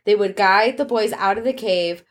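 A woman's voice: medium pitch, moderate pace. A woman co-hosting a casual podcast, retelling a news story in a chatty way and acting out what people said. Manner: storytelling, retells events with quoted voices. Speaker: podcast co-host. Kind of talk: casual chat.

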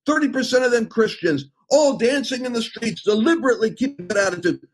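Emphatic husky preacher man, fiery. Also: high-pitched, low-quality recording. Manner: emphatic, rambling, with sudden loud outbursts. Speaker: preacher and host. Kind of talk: impassioned preaching talk.

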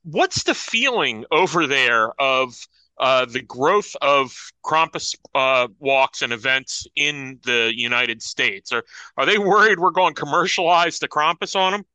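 A man's voice: mid-range voice, expressive, unhurried, bright, forceful tone, dry recording, low-quality recording. A man co-hosting a casual chat, joking and asking guests questions. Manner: jokey, asks questions. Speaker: co-host.

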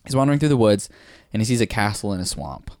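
A man's voice: lowish voice, big pitch swings, fast talker, a little mellow, no echo, studio quality. A man co-hosting a casual podcast, laid-back and slangy, swearing and laughing a lot. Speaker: podcast co-host.

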